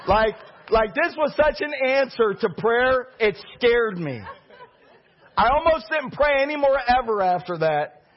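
A middle-aged man preaching a storytelling sermon as pastor, animated and bursting into shouts. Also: very high-pitched, unhurried. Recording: dull lo-fi recording.

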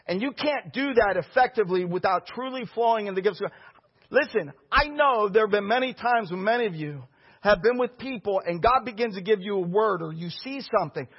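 Husky high-voiced preaching man. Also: lively intonation, brisk, dull audio. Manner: impassioned preaching, swinging from loud to hushed. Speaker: pastor. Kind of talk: sermon.

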